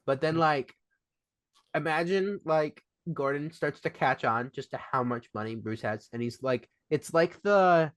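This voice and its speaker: A man's voice: fairly high pitch, unhurried, no echo. A man guesting on a podcast in casual chat, joking with laughing asides.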